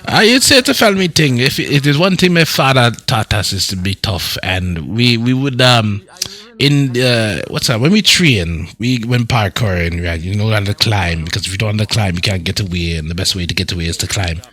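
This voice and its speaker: Casting: man as a tough young street vigilante, Jamaican patois, bright edgy tone, halting delivery. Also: lowish voice, animated. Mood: easygoing. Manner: halting, restarts words, chuckles often. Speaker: roleplay character. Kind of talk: in-character roleplay chat.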